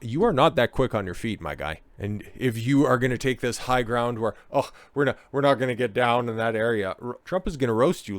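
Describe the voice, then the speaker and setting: A man's voice: lowish voice, dry recording. A man hosting a political commentary video, ranting in a heated, sarcastic and profane way.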